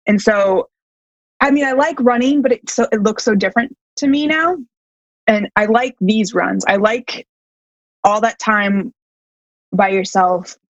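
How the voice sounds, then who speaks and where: A woman's voice: medium pitch, dry recording, dull audio. Chatty self-deprecating woman runner. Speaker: long-distance runner guest. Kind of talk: casual interview chat.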